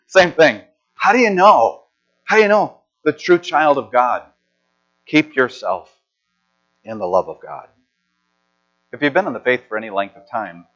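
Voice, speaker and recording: A man's voice: on the low side, fairly bright tone. A middle-aged man preaching a sermon in a conversational, storytelling way with frequent restarts. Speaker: pastor. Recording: slightly dull lo-fi sound.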